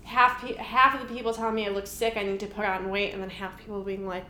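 A woman's voice: medium pitch, flat delivery, fast talker, sharp tone, slight background noise. A young woman chatting candidly as a podcast co-host, conversational and supportive, with lots of "like". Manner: conversational, supportive, many "like" fillers. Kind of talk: candid casual chat. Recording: echoey room.

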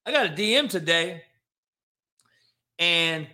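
This sports talk show host rants about his opinions with plenty of profanity, aggression and mockery, his volume rising and dropping to a hush. His voice is a little high and very animated, kept to a measured pace.

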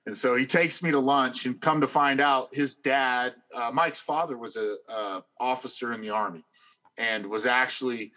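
A middle-aged man who works as an insurance agent, telling a story in an animated, emphatic way. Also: medium pitch, moderate pace. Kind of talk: casual storytelling chat.

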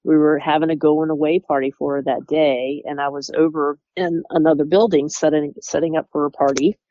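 Animated interview subject who acts out coworkers while telling the story, dry recording. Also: medium pitch, brisk, dry recording, muffled recording. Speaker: former employee recounting workplace conflict.

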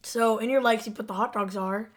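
A chatty woman with a slightly high voice, talking casually about a TV episode. She agrees readily and giggles between remarks. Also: steady tone, a little fast. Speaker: podcast co-host. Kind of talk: casual chat reviewing a TV episode.

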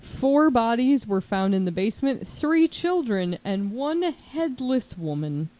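A woman casually telling a true crime story as a podcast host, chatty and animated, with lots of "like" and quick put-on voices for quotes. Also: a little high, low-quality recording.

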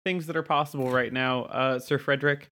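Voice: medium pitch, steady tone, a little fast, pushed and bright. Rambling tabletop player. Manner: rambling, hesitant, with many fillers. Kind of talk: in-character tabletop play.

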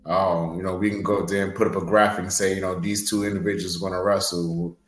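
A man's voice: low voice, flat delivery, quick pace, reverberant, soft background music, poor audio. A man, a pro wrestler, telling stories about a match in an earnest, rambling way full of fillers on a podcast. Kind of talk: podcast interview storytelling.

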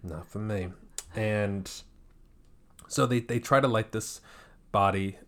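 A man's voice: lowish voice, slow, a bit bright. A man co-hosting a podcast in casual chat, joking around and swearing easily. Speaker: podcast co-host.

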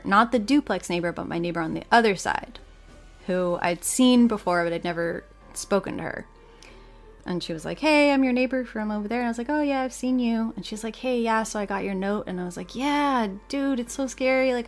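A young woman hosting a podcast tells a story casually and animatedly, laughing often and acting out the people she quotes. Her voice is medium-pitched and fairly quick, with faint music behind her.

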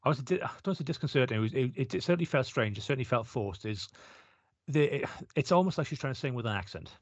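Fast-talking man musing on films. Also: mid-range voice, animated, no room sound, muffled recording. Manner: quick, musing, restarts often. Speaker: podcast co-host. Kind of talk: casual film review chat.

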